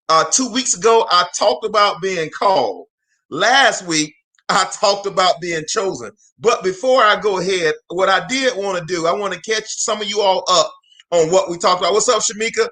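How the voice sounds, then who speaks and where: This is a man hosting a live-streamed motivational talk, greeting the people who join by name. His voice sits high, and he preaches in a bright, forceful tone with slow, emphatic stresses. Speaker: motivational speaker and livestream host.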